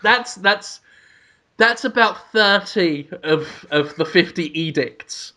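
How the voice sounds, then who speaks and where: A man's voice: sits high, lively intonation, takes it slowly, bright, forceful tone. A man co-hosting a comedic podcast, laying out absurd mock-grand schemes with a straight face. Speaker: podcast co-host.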